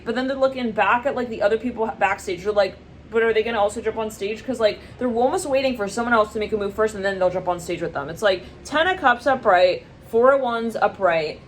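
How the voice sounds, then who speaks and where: A woman talks through a tarot spread in a loose, rambling way, laughing easily. When she quotes someone, her voice jumps up into squeals. Her pitch sits in the middle, and faint background noise runs under the talk. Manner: chatty, rambling, laughs often, acts out quoted people in high squeals. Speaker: tarot reader. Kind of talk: casual tarot reading monologue.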